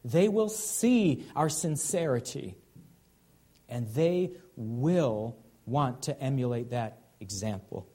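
A man's voice: medium pitch, animated, slow, mellow. A man in his thirties, a pastor preaching a sermon in an earnest, conversational way, with frequent "okay?" check-ins.

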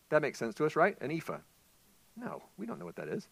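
A male pastor preaching a sermon in an animated way, asking the congregation questions. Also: a little high, quick pace, gravelly, no room sound.

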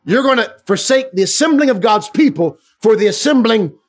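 High-pitched guy preaching, fervent, goes quiet then loud. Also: lively intonation, normal speed, soft background music. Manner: fervent, swings from hushed to loud. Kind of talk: sermon.

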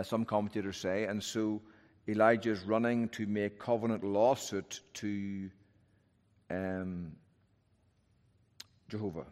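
A male pastor preaching an expository sermon in a thoughtful, conversational way, often posing rhetorical questions. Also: lowish voice. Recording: long reverb of a large hall.

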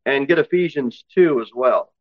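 A man preaching a sermon, swinging from loud exhortation to low, intense asides and slowing down to read scripture aloud. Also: dry recording. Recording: dull, dry lo-fi recording.

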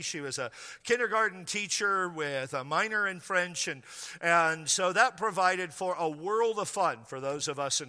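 Bright-voiced male pastor in a reverberant hall. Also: on the high side, clear, resonant tone. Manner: storytelling, slows down for emphasis, plays out quoted voices. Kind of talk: sermon. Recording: long church hall reverb.

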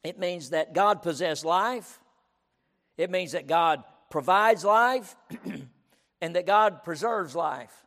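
High-voiced emphatic preacher. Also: male voice, slow pace, a bit bright. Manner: emphatic, repeats himself, keeps saying "listen". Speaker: pastor. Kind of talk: sermon. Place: auditorium. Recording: reverberant auditorium.

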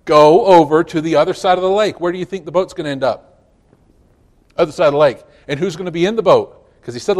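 Pastor, man, hoarse, emphatic sermon delivery, slightly high pitch. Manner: emphatic, swinging from loud declarations to low asides. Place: church sanctuary.

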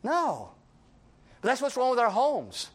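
A man pastor preaching a sermon, jumping between loud, high outbursts and quiet, low asides, acting out the voices of people he quotes. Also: wildly swooping pitch, measured pace. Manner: acts out quoted voices of sinners.

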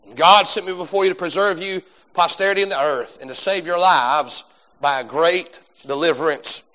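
A man preaching a sermon, swinging between loud drawn-out emphasis and quiet folksy asides. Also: on the high side. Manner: folksy, self-deprecating asides. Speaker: pastor.

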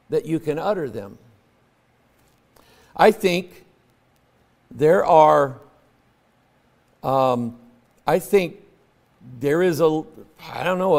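A male preacher delivering a sermon in a folksy, conversational way, swinging from loud emphatic peaks to low quiet asides. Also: creaky. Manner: folksy, conversational, acts out quoted voices.

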